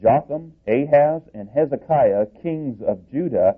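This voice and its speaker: A male preacher giving an expository sermon in a measured, explanatory way, restarting phrases now and then. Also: mid-range voice, expressive, breathy edge. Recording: tinny phone-like sound.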